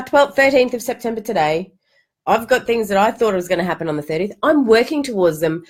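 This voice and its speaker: An Australian woman hosting a live stream, hoarse from a cold, talking in a chatty, candid way with quick restarts and the odd swear word. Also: a little high. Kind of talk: casual motivational live chat.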